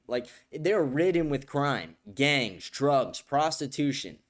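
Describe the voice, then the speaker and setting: A man's voice: mid-range voice, lively intonation, moderate pace, hardly any pauses. Blunt, profane male host talking to viewers. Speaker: show host. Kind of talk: casual streamed commentary.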